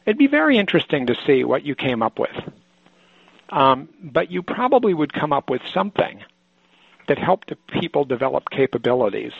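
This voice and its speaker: A man's voice: on the high side, big pitch swings, a little fast, vocal fry, slightly rough, no room sound. A man training therapists, giving a thoughtful lecture to a group and often restarting his sentences. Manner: thoughtful, explanatory, with frequent restarts. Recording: dull lo-fi sound.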